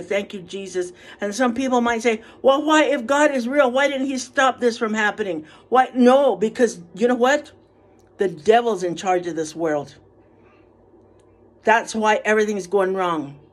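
A woman in her seventies, alone in a small apartment, preaching fervently in a monologue recorded for social media. She breaks into hallelujahs and moves between hushed prayer and high calls. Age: 70s. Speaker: Facebook video speaker.

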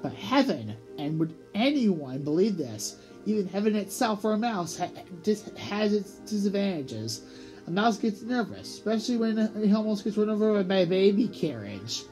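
Expressive audiobook reader with a mellow, warm voice and small slips. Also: medium pitch, normal speed, soft background music, rough recording. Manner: expressive, lively read-aloud with small slips. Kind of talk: storybook read-aloud narration.

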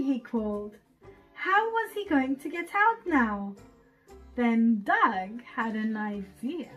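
Slow, sing-song woman reading to kids. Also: on the high side, sing-song, fairly bright tone, soft background music. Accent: Turkish. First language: Turkish. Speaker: children's storyteller. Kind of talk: children's read-aloud storytime.

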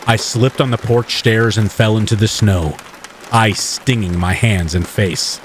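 Low voiced guy reading a scary story, steady and measured, faint rain under it. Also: some chatter behind, slight background noise. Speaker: narrator. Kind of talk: first-person horror story narration. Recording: faint rain ambience mixed behind the voice.

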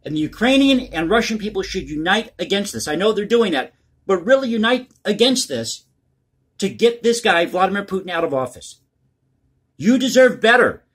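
A man's voice: high voice, sing-song, a little fast, fairly bright tone, husky. A man hosting his own channel, giving blunt, crass, opinionated commentary on the news. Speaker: political commentary host.

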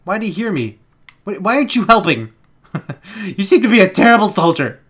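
An excitable young man plays a game and talks through it, giggling, swearing and bursting into panicky yelps. His pitch sits a bit high and bounces around a lot. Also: fairly quick, breathy edge. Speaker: gaming channel host. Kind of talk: let's play gameplay commentary.

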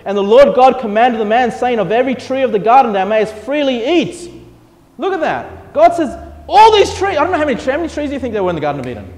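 A man's voice: extremely high pitch, quick pace. A man preaching a sermon as a pastor, reading scripture and acting out voices in prayers. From Australia. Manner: animated preaching, acts out God's voice and people's prayers. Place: church hall. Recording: echoey church hall.

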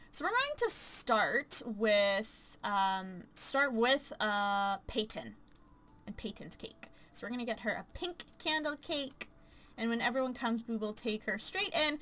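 Excitable young-sounding woman gaming commentator. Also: fairly high pitch, a little hiss or hum. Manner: chatty and excitable, gushing aloud. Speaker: let's play commentator. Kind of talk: casual gameplay commentary.

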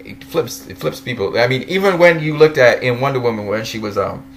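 A man's voice: medium pitch, lively intonation, fairly quick, a bit bright, a little hiss or hum. A man casually talking about superhero movies, laughing often and playfully putting on voices for the characters he recalls. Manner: laughs often, breaks into giggles between sentences. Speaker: movie commentator.

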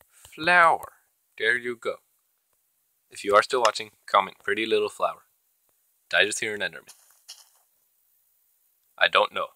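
A man's voice: on the low side, bright, forceful tone, poor audio. A man hosting his own gaming channel, giving casual, chatty commentary as he plays and talking to the creatures in the game. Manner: chatty, talks to himself and the game mobs.

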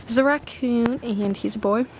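A teenage girl chatting excitedly in a casual haul video, full of "like" and "oh my gosh". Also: a little high, moderate pace, slight background noise. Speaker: vlogger showing a thrift haul.

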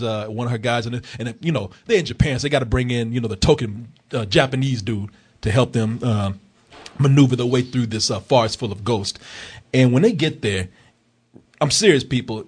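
A man casually reviewing a film with animated, profane banter, often laughing and acting out characters. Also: mid-range voice, husky. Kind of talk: casual comedic movie review chat.

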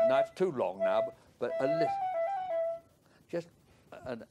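A man's voice: medium pitch, lively intonation, a little slow, long pauses, dull audio. An older man coaching a student in a music masterclass, singing phrases in nonsense syllables to show how they should go. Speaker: flute teacher. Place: music school classroom. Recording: live music over speech. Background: flute and piano playing.

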